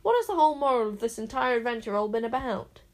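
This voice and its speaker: A woman's voice: medium pitch, a little fast, darkish tone, close to an everyday voice. A woman voicing an anxious, fussy old male raven in a storybook reading, with a flustered, squawking manner. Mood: alarmed.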